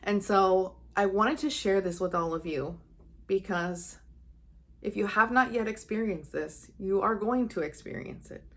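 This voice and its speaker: A young woman who works as a psychic medium tells her viewers a personal story in earnest, casually, straight to camera. Her voice sits in the mid-range and moves at a measured pace, and she acts out her own thoughts with real feeling.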